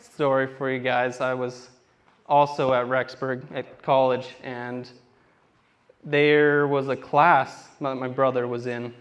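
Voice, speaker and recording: A young man performing stand-up on a theater stage, speaking into a handheld mic. He rambles through self-deprecating stories and slips into acted-out quotes of himself and others, at an everyday pitch. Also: level tone, slow pace, a bit bright, lo-fi sound. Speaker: stand-up comedian. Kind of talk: stand-up comedy set.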